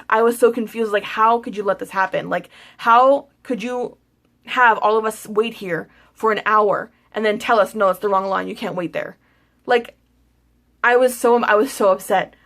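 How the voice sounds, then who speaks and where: A woman's voice: medium pitch, a bit bright. Woman vlogger ranting about a bad day, casual, lots of swearing and restarts. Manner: venting, frustrated, swears freely; repeats words, rambling with restarts. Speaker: beauty vlogger. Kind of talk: casual storytime vlog.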